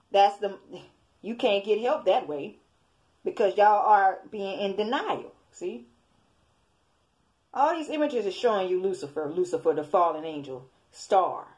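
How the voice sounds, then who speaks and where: Woman preaching at her viewers, scolds them, keeps going "okay?" over and over. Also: medium pitch. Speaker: self-made online preacher. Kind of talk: informal preaching to camera.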